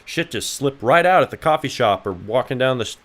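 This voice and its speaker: A man's voice: mid-range voice, lively intonation, a little fast, a bit bright. A man from Idaho, a game developer streaming live, bantering with his chat in a loose, joking, profane way. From Idaho, USA. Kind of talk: casual livestream chat.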